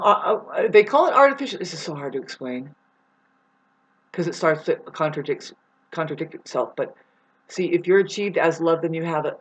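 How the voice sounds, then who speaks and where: A woman in a rambling spiritual monologue, agitated and profane, swinging between loud outbursts and low muttering. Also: lo-fi sound. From United States. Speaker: spiritual vlogger.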